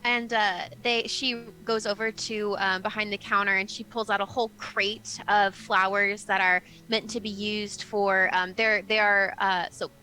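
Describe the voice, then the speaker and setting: A woman's voice: medium pitch, flat delivery, a little slow, few pauses, sharp tone, faint music behind, rough recording. A woman narrating as game master in a casual, chatty way.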